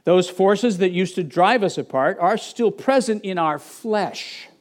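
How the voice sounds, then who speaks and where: A man's voice: high-pitched, lively intonation, unhurried. Man preaching a conversational sermon. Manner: conversational, with frequent restarts and asides. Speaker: pastor.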